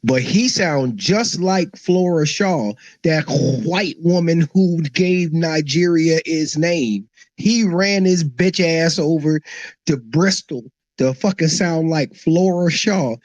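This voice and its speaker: A man's voice: on the high side, slow pace, a little mellow, no room sound. Argumentative man on dry lo-fi audio. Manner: argumentative, mocking. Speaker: speaker in a live audio room. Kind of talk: heated live audio-room debate.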